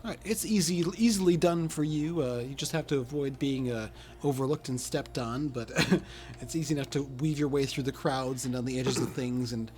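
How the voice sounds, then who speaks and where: Halting male game master. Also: mid-range voice, a little mellow. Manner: halting, lots of uh's and restarts. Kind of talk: narrating a tabletop game.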